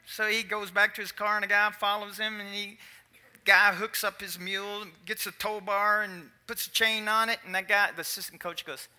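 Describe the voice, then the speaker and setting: Folksy preacher, high bright voice. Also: male voice, level tone, normal speed. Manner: folksy, chatty, with audience asides. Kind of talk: sermon storytelling.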